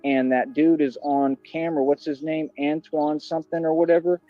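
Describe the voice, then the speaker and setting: A man's voice: on the high side, level tone, moderate pace, dry recording. Male streamer, boastful and aggressive, muffled lo-fi stream audio with faint music. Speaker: livestreamer. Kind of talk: ranting livestream monologue.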